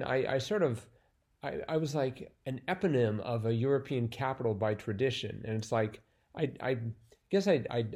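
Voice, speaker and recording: A man's voice: medium pitch, darkish tone. Rambling man chatting about a puzzle. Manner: rambling, self-interrupting, lots of fillers. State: sleepy. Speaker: crossword podcast co-host. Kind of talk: casual chat.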